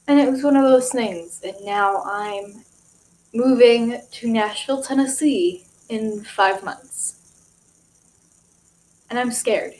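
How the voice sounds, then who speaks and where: Young woman vlogger, rambly and excitable, filler-heavy, slightly high voice. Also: slow pace, pauses often, rough recording. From Michigan. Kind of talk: casual vlog monologue.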